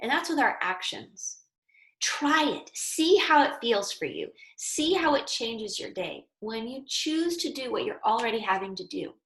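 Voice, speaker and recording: A woman's voice: fairly high pitch, expressive, measured pace, fairly bright tone, echoey room, rough recording. A woman yoga teacher giving a casual, earnest and encouraging spoken lesson with conversational fillers.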